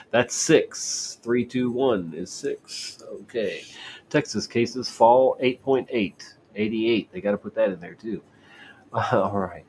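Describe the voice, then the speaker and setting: Male host, slow drawl, reads articles aloud, trips on words, sarcastic asides. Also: fairly low pitch, slight background noise. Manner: stumbling, repeats and restarts words while reading. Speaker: show host. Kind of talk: casual commentary reading news articles aloud.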